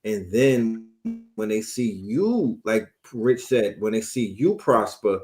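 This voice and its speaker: A man on a panel, speaking in a forceful, preachy and streetwise way. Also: lowish voice, animated, slow pace, faint music behind. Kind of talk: panel discussion.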